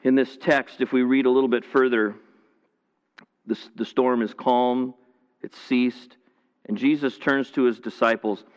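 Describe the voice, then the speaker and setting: A man's voice: medium pitch, fairly even intonation, a little slow, in a large hall, highs cut off. A man delivering a sermon to viewers at home, conversational and earnest, often restarting and repeating phrases. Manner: conversational preaching with frequent restarts and repetition. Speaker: pastor. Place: church, streamed to viewers at home.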